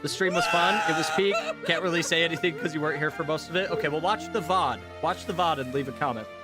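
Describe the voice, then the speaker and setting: A man streaming casually to his chat, talking in an animated, chatty way with lots of fillers and laughs. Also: a little high, quick pace, loud music behind the voice. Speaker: streamer and voice actor.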